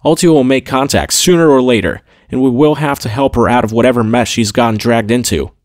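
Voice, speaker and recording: A man's voice: mid-range voice, steady tone, fairly quick, darkish tone, no room sound, clean studio sound, close to an everyday voice. A man voicing a blunt, impatient male admiral in an audiobook, curt and brooding. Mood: terse. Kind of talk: audiobook character voice.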